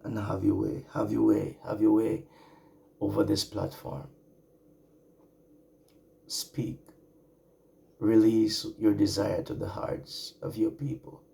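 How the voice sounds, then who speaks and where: A man from the Caribbean islands preaching an online sermon, slow and drawn out, repeating his phrases. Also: fairly low pitch, creaky, mellow.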